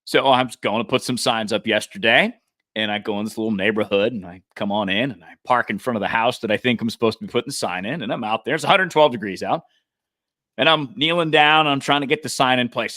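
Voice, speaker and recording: A man's voice: mid-range voice, fast, sharp tone, no echo, studio quality. A man in his forties co-hosting a casual show, telling a story and acting out the quotes, laughing easily. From Arizona. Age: 40s. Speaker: podcast co-host.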